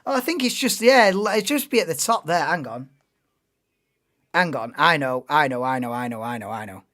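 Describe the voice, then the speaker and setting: A man's voice: on the high side, animated, normal speed, fairly bright tone. A man doing casual live race commentary on a stream, chatting and thinking aloud between calls of the action.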